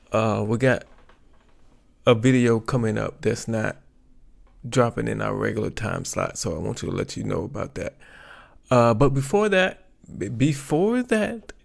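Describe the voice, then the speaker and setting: A man hosting his livestream in a relaxed, rambling way, often pausing to search for words. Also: medium pitch, vocal fry. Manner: rambling, chatty, searches for words with many ums. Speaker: YouTube livestream host. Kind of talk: casual livestream chat.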